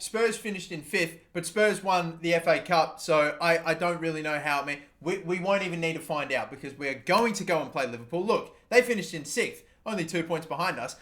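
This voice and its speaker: A young Australian man commentating his own football video game, swearing freely and bursting into shouts when his team scores. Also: high-pitched. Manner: swears often, erupts into shouting at goals. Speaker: gaming YouTuber. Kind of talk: live gameplay commentary.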